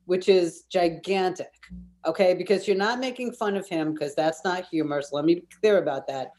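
A woman coaching a guest, explaining a method in a clear, instructive way. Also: on the low side, moderate pace, darkish tone. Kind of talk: casual explanation.

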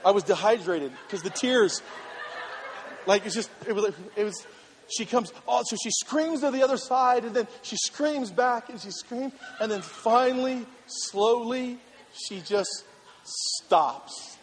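A male pastor telling a funny personal story in a sermon, animated and laughing, then turning earnest. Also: very high-pitched, measured pace, slight background noise. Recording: reverberant hall with faint ambience.

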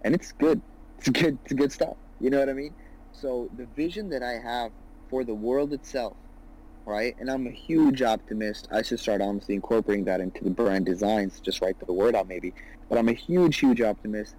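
This podcast guest, a man in his twenties, speaks fairly quickly in a mid-range, slightly mellow voice. He chats about his business earnestly and at length, sprinkling in "you know" and "right," and the audio is poor.

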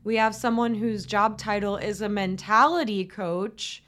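A young woman from Florida chatting through a solo recap podcast. She talks in a casual, sarcastic way, full of "like" and "oh my God," at a middling pitch. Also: fairly even intonation, measured pace, fairly bright tone. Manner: chatty, sarcastic, valley-girl fillers. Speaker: podcast host.

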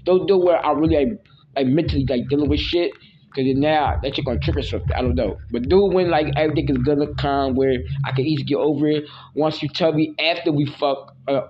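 A man's voice: fairly high pitch, fast talker, muffled recording, a little hiss or hum. A man hosting a casual solo podcast, rambling and slangy with lots of filler words, often teasing and mock-scolding. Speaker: podcast host.

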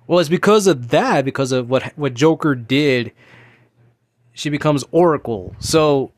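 A man in his thirties with a slightly high voice, talking on his own in a loose, rambling way. He drifts into annoyed rants and keeps restarting his sentences. The sound is close and dry, with no room echo. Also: unhurried. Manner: rambling, ranting, with many restarts and fillers. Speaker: podcast host. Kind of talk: casual solo chat.

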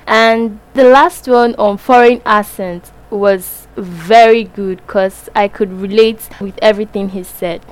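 A woman's voice: medium pitch, fairly even intonation, slow, hardly any pauses, low-quality recording. A woman with a Nigerian accent giving earnest, emphatic feedback on a podcast. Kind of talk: casual voice note.

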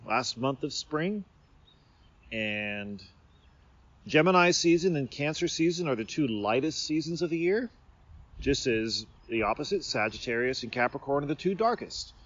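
A man's voice: mid-range voice, fairly bright tone. A man from the Seattle area, hosting a podcast in a playful, meandering monologue outdoors under a tree, often stopping and restarting his thoughts. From Seattle area, USA. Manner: meandering, self-interrupting, playful. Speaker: podcast host. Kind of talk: rambling casual monologue. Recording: slightly dull recording.

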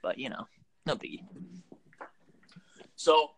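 A man's voice: on the high side, animated, takes it slowly, a bit bright, slight background noise. Loose, laughing podcast host man. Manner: loose, profane, laughs often. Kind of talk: casual podcast chat.

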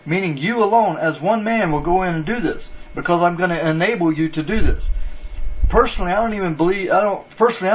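A man's voice: fairly high pitch, slightly rough, lo-fi sound. A man preaching a sermon in an earnest, repetitive way, restarting phrases for emphasis.

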